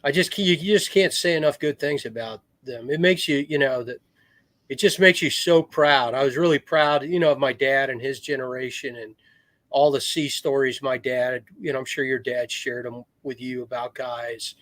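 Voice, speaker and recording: A man's voice: medium pitch, steady tone, moderate pace, a bit bright, dry recording. A middle-aged man, a retired Marine officer, telling rambling war stories in a casual podcast chat. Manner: rambling war stories with restarts, acts out quoted voices. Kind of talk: casual storytelling.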